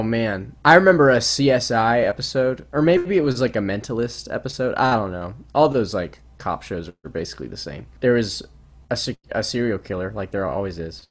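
A man's voice: on the low side, normal speed. A man co-hosting a casual podcast chat, rambling and hesitant, full of restarts and fillers. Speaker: podcast co-host.

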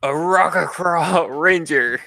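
A man's voice: a little high, slow, pushed and bright, voice pushed up, full character voice. A man voicing a proud, blunt orange bird-man ranger who boasts in short declarations.

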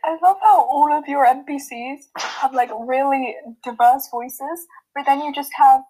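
Playful high-voiced woman gaming. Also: dark tone, poor audio. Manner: playful, quick joking. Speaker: player. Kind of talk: casual tabletop game chat.

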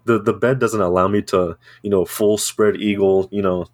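Casting: young man, very low voice, dry close mic, laughing storyteller. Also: normal speed, no room sound. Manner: laughing, animated storytelling with crude humor. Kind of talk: casual chat.

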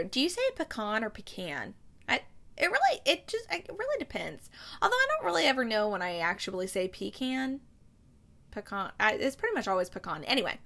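A woman's voice: a little high, bright, forceful tone. A young woman hosting a casual chat show, chatty and rambling, with lots of fillers and self-corrections. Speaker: podcast host reviewing TV movies.

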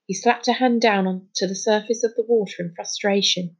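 Breathy woman reading a children's story. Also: medium pitch, fairly even intonation, a little fast, hardly any pauses, highs cut off. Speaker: storybook reader. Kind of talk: storybook narration.

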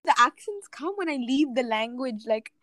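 A teenage girl with an American accent co-hosts a loose, joking podcast chat. Her voice sits a little high and sounds dry and close, with no room around it. She rambles quickly from one aside to the next. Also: lively intonation, a bit bright, dry recording. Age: teens. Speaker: podcast co-host. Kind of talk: casual chat.

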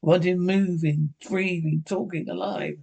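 Grieving desperate widow read by a man, pleading, raised gravelly voice, audiobook-style reading. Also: high voice, fairly even intonation, unhurried, a little mellow, highs cut off, full character voice.

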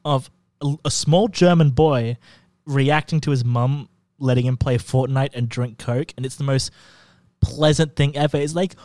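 A man's voice: medium pitch, moderate pace, darkish tone, no room sound. A young man chatting casually about movies, rambling and giggly, often going off on tangents. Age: young adult.

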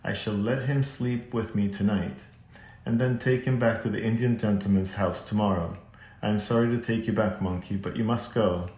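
A man voicing a kind, affectionate little girl in a storybook reading, speaking softly and coaxingly. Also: on the low side, fairly even intonation, normal speed, roomy sound, close to an everyday voice. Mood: tender.

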